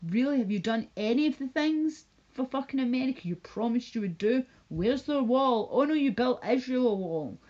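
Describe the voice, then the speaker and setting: A woman's voice: on the high side, lively intonation, moderate pace, few pauses, mellow, muffled recording. A woman streaming live from home, ranting casually in a rambling, profane and mocking way. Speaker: livestreamer. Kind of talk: casual livestream rant.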